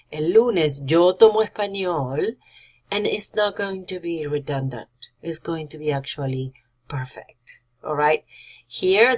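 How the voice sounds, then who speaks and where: A woman teacher, going over student compositions and repeating key corrections in a patient, explanatory way. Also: fairly low pitch. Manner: explanatory, repeats key points, mixes English and Spanish phrases. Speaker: Spanish teacher. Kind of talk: recorded feedback on student compositions.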